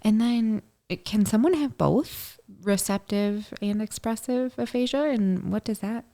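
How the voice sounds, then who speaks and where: A woman's voice: medium pitch, a little slow, warm tone. A woman hosting a podcast interview, asking friendly prompting questions of her guests. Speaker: podcast host.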